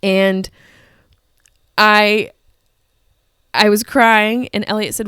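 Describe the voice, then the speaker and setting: A woman's voice: mid-range voice, steady tone, slow pace, pauses often, fairly bright tone, smooth, no room sound, clean studio sound. A woman in her thirties telling a personal story as a podcast host, candid, emotional and full of swearing. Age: 30s.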